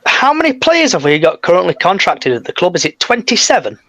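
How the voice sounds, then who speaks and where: A man's voice: high-pitched, wildly swooping pitch, a little fast, a bit bright, dry recording, rough recording. A man hosting a casual football fan podcast, steering the talk and swearing bluntly. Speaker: podcast host.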